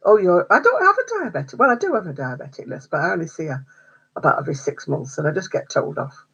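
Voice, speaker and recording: A woman's voice: lowish voice, slightly rough, highs cut off. A woman hosting a craft livestream, chatting casually with viewers, answering their comments and laughing often. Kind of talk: casual chat with live viewers.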